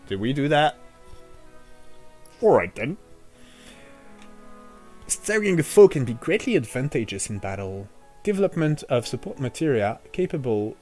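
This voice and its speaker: Excitable man streaming a game. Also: medium pitch, normal speed, long pauses, soft background music. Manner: excitable, jokey banter with chat. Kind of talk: casual game-stream chat.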